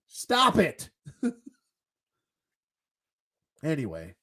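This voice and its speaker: A man hosts his own show in a loose, casual rant. His voice sits a little high for a man, and he sounds sarcastic and exasperated, swearing freely as he talks. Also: huge pitch swings, extremely slow, fairly bright tone. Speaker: host. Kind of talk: casual ranting commentary.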